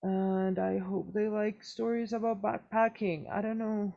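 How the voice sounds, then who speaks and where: List: tabletop player, chatty, quick, muffled audio. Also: mid-range voice, level tone, creaky. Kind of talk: tabletop role-play chat.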